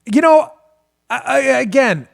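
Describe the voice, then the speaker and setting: A fired-up man hosts a political talk show, his gravelly voice pitched high for a man, with lively intonation and a slightly slow pace. In heated, emphatic commentary he hammers the same rhetorical questions again and again as bursts of frustration spill over.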